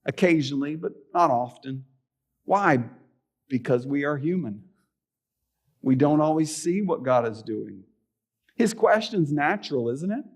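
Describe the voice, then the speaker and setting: A man's voice: on the high side, expressive, unhurried, long pauses. Conversational man preaching a sermon. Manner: conversational preaching with rhetorical questions. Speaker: pastor. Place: church sanctuary.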